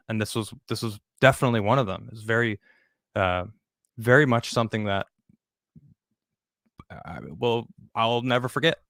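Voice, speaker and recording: A man speaking as a podcast guest, telling his story candidly and bluntly, with frequent swearing and halting restarts. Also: fairly low pitch, fairly bright tone, no echo, studio quality. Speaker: podcast guest recounting his exit from a show.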